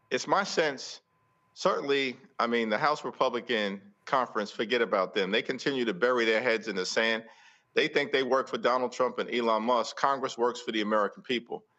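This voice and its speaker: Forceful politician on a muffled line. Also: male voice, medium pitch. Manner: forceful, rhetorical, repeats phrases for emphasis. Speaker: congressional leader interviewed as guest. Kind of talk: political talk show commentary.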